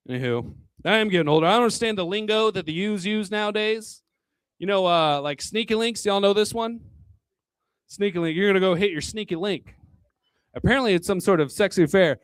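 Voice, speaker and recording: High-voiced crude rambling stand-up comic. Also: male voice, normal speed, smooth, no room sound. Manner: crude, rambling, chuckles between jokes. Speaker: stand-up comedian. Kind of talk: stand-up comedy set. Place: live comedy venue.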